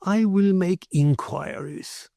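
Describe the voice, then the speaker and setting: A man's voice: high-pitched, vocal fry, dark tone, no echo, studio quality, pitched above the performer's own voice, exaggerated voice. A man doing a courteous Spanish merchant. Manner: polite, measured, deferential.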